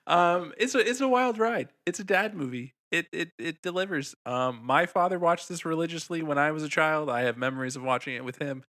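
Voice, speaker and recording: A man co-hosting a casual film podcast, excitable and profane, rambling through a plot with many restarts. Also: on the high side, a little fast, hardly any pauses. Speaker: podcast co-host. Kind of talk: casual film review chat.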